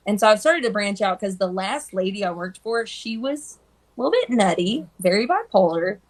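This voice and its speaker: On a live stream recorded through a phone, a woman hairstylist chats casually, telling lively stories and imitating the people she quotes. Her voice is mid-range and her pace moderate.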